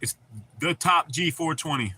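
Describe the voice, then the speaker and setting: A laid-back livestream host, this man banters with viewers, swearing freely and laughing frequently. His fairly high voice is bright, forceful, and slightly rough, delivered at a measured pace.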